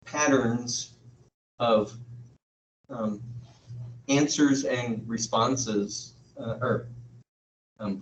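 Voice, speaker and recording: A male lecturer talks slowly to his class, pausing often as he thinks aloud. He is picked up from across an echoey classroom on a dull, distant mic, with a faint hum of room noise. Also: mid-range voice. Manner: halting, thinking aloud with frequent pauses. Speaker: university lecturer.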